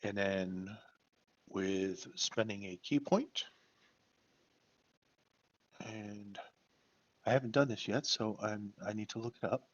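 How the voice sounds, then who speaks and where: A man's voice: lowish voice, slow pace, long pauses. A man playing in an online tabletop game, playful and talking through his moves. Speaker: player. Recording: dull, lo-fi voice chat.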